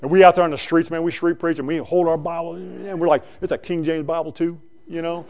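A male preacher giving a conversational sermon that swings between loud bursts and quiet asides. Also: fairly high pitch, fairly even intonation, fairly quick, gravelly.

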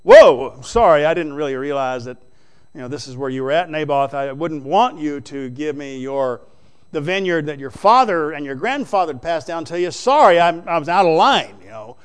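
Preacher guy playing a sheepish man saying sorry, lower and softer. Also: expressive, moderate pace, clear, resonant tone, lightly acted. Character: humbled man apologizing to his neighbor.

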